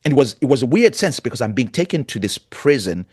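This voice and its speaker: A man's voice: medium pitch, very animated, quick pace, a little mellow, breathy edge, no room sound. Middle-aged man, pastor guest, earnest emotional storyteller, dry close sound. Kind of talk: storytelling interview.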